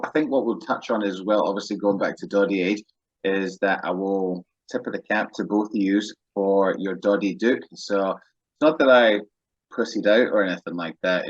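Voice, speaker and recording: A man's voice: deep voice, slightly rough, no room sound, lo-fi sound. A man hosting a casual podcast chat, joking and rambling with frequent laughs. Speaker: podcast host.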